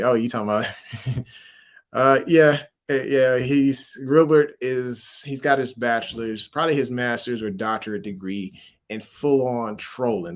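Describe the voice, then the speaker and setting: A man from Louisiana with a mixed Southern and military accent, hosting a casual sports-fan livestream and chatting in an animated, slangy way with frequent laughs. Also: on the low side. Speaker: livestream host.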